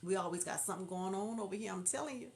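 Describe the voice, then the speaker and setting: A woman with a natural Southern drawl hosts a casual livestream, chatting and laughing along with her viewers. Her voice sits at a middle pitch, and she greets people by name as she reads their comments aloud. Her manner is loose and easygoing. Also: rapid-fire. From Houston, Texas. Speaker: livestream host.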